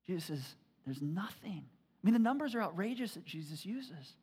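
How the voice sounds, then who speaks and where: Animated man preaching a sermon. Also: on the high side, fast, slightly rough. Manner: animated, repetitive, emphatic storytelling. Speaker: pastor. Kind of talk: sermon with personal stories.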